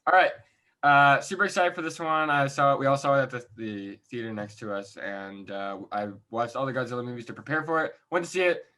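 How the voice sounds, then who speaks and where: Young dude co-hosting a podcast, bright voice, laid-back, trails off soft. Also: male voice, mid-range voice, fairly quick. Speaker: podcast co-host. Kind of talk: casual group chat.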